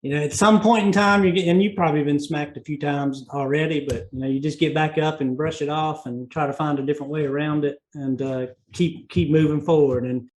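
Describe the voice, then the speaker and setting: A man's voice: on the high side, fairly even intonation, a little fast, hardly any pauses, low-quality recording. Southern-accented man hosting a podcast. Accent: Southern US, North Carolina. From North Carolina. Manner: folksy, meandering, with many fillers. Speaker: podcast host. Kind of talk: casual interview chat.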